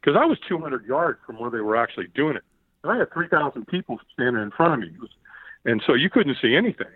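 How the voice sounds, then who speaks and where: A man telling an animated story as a podcast guest, often repeating words and acting out the shouts he quotes. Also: medium pitch, fast, breathy edge, no echo. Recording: tinny phone-like line, dry.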